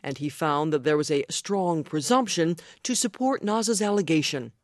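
A woman reporter narrating a radio news story in a measured voice. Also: low-pitched, lively intonation, darkish tone, dry recording, clean studio sound.

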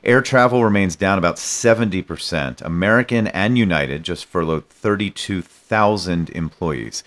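A man anchoring a radio newscast, introducing a report in a calm, measured way. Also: low-pitched. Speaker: news anchor. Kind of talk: scripted news introduction.

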